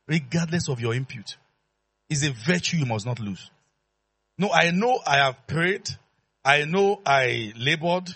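Animated high-voiced husky preacher. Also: male voice. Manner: animated and playful, acts out dialogue, calls out to the congregation. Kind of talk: sermon.

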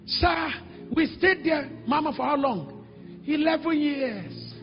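Nigerian pastor, middle-aged, high gravelly preaching voice, animated storyteller with sudden shouts, echoey hall, dull sound. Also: male voice, measured pace, faint music behind. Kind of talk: sermon with storytelling. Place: large church hall.

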